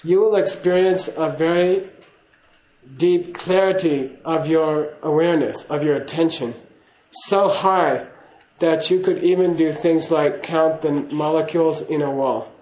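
A man's voice: on the high side, measured pace, darkish tone, roomy sound, a little hiss or hum, low-quality recording. A man giving a casual spoken teaching to a class, chatty and laughing, often checking in with "okay?". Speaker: Buddhist teacher.

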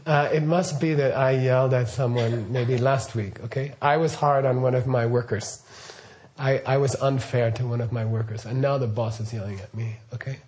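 A middle-aged Buddhist teacher, medium-pitched with a darkish tone and fairly even intonation, talks at a moderate pace. His casual teaching rambles, and he keeps checking in with questions and frequent "okay" and "right."

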